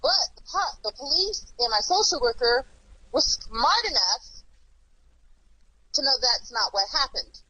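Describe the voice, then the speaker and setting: A woman hosting a casual chat, animated and blunt, repeating herself and swearing as she talks. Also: sits high, a little slow, breathy edge, dry recording, low-quality recording. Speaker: host.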